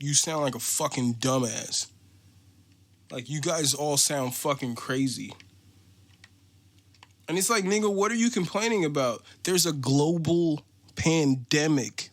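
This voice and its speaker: American guy ranting on his podcast, cussing a lot, kinda high pitched. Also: a little slow. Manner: animated, profane, mocking. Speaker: podcast host. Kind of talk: casual ranting monologue.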